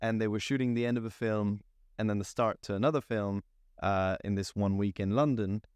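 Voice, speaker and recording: Young man, smooth voice. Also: on the low side, brisk, dry recording, clean studio sound. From France. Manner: lively anecdotal telling with fillers and restarts. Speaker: guest, cinematographer. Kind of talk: casual storytelling interview.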